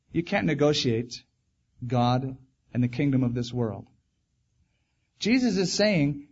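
Earnest male preacher, slightly higher voice, pressing his points home; dull, lo-fi church tape. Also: slightly rough. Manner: earnest, emphatic, repeats key phrases. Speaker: pastor. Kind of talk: sermon.

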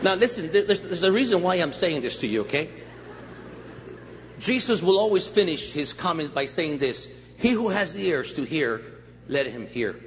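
An older male guest pastor preaching a sermon with jokes and stories, animated and laughing at his own lines. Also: sits high. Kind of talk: humorous storytelling sermon. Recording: echoey church hall, dull muffled sound, faint hiss.

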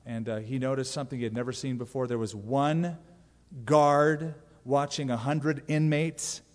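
A man's voice: mid-range voice, steady tone, moderate pace, in a large hall. A man preaching a sermon as pastor, emphatic and conversational, with direct asides to the congregation.

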